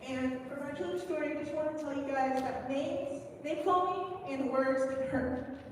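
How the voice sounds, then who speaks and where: A woman telling a church children's story as a personal testimony, earnest and emotional, with halting restarts. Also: sits high, a little mellow, a little hiss or hum. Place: church sanctuary. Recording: echoey church hall from far off.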